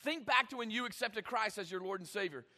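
A man preaching a sermon, emphatic, with dramatic pauses and sudden swings in volume. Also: high-pitched, lively intonation, pushed and bright, in a large hall. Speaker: pastor.

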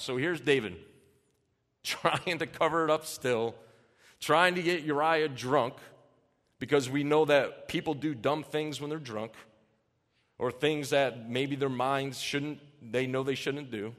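A man's voice: medium pitch, slow pace, long pauses, a bit bright. A man preaching a sermon, reading scripture aloud and then explaining it earnestly in casual terms, in a church hall. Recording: long reverb in a large hall.

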